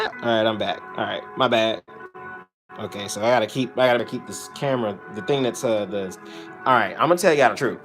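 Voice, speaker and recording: A man's voice: lowish voice, fairly quick, a bit bright, soft background music. A man hosting a casual livestream, teasing and joking with his chat viewers and talking into an iPhone on a selfie stick. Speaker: streamer hosting his own channel.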